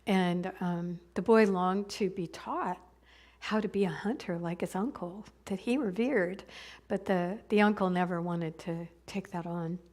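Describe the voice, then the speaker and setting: A woman minister telling a story in a sermon, in a halting, conversational way with many restarts. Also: lowish voice, a little mellow.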